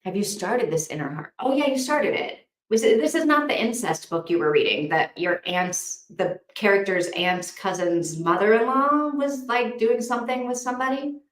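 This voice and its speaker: A woman hosting a casual live reading sprint, chatting with viewers in a gushing, excitable way. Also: mid-range voice, moderate pace, hardly any pauses. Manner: gushing and excitable, with frequent "oh my gosh". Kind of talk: casual livestream chat. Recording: echoey room.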